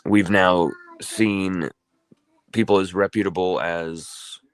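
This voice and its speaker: A man's voice: deep voice, fairly even intonation, takes it slowly, smooth. A man hosting a casual sports talk livestream, rambling and conversational, often correcting himself mid-sentence. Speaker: sports talk show host.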